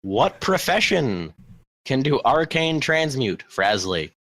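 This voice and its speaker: A man's voice: mid-range voice, sing-song, slow pace, a bit bright, dry recording. Dry, teasing man running trivia. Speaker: podcast guest, trivia quizmaster. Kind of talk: casual gaming podcast chat.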